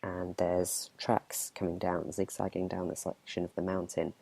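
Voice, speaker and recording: Low, gravelly-voiced man whispering a role-play. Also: moderate pace. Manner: relaxed, chatty narration with asides to the players. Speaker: game master.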